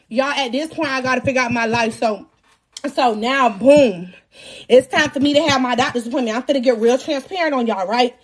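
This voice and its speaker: High-voiced young woman telling a lively story. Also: brisk. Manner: animated, profane and laughing as she tells the story. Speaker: live-stream host. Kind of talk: casual storytime on a live stream.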